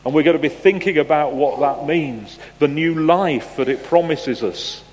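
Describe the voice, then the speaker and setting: A man preaching a sermon, chatting with the congregation through a picture quiz and putting questions to them with gentle humor. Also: on the high side, moderate pace. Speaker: pastor. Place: church. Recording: long church reverb.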